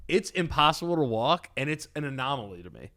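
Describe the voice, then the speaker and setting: A man's voice: a little high, sing-song, quick pace, sharp tone. A young man, co-hosting a podcast and telling stories in swear-heavy slang. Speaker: podcast co-host. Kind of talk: casual chat.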